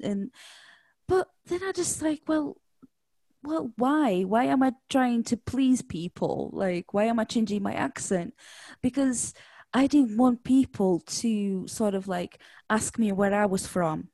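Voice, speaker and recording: A woman's voice: mid-range voice, animated, a little slow, dark tone, no echo. A woman from Portugal whose Portuguese accent carries a light Yorkshire tinge, chatting reflectively with friends and full of fillers and restarts. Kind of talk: casual chat.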